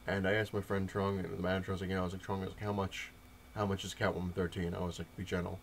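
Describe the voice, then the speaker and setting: A young man with a lowish voice tells a rambling story, packed with fillers and quoted back-and-forth. A faint hum sits under the recording. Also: flat delivery, rapid-fire, gravelly. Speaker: comic collector vlogger. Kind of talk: casual update rant to camera.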